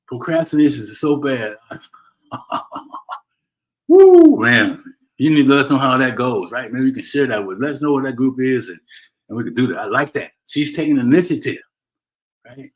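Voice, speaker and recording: A man's voice: mid-range voice, a little fast, poor audio. A middle-aged man hosting a motivational livestream, talking earnestly and tagging "right?" onto his points. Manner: earnest, preachy, repeats "right?" and restarts. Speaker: host. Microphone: solo livestream from home.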